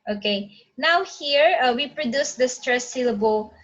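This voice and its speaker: A woman's voice: high voice, animated, a bit bright, highs cut off. Woman lecturing, many "okay"s. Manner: frequent "okay" fillers, pauses to check slides. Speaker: teacher. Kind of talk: online phonetics lecture.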